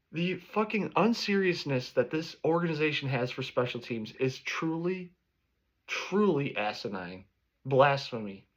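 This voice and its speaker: A man's voice: fairly high pitch, expressive, moderate pace. Angry man ranting, profane, dull recording. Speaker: sports fan vlogger. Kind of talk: reaction rant.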